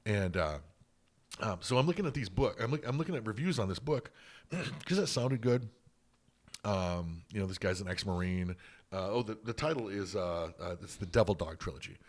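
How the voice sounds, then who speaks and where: In a low-side, expressive voice at a moderate pace, a man co-hosts a podcast. The chat is casual and rambling, with free swearing and plenty of fillers and restarts.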